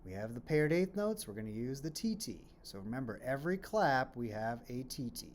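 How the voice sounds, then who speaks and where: A man's voice: mid-range voice, sing-song, brisk, hardly any pauses, noisy background. A man teaching a children's music lesson on rhythms, explaining patiently, asking questions and then answering them, and chanting rhythm syllables as he claps.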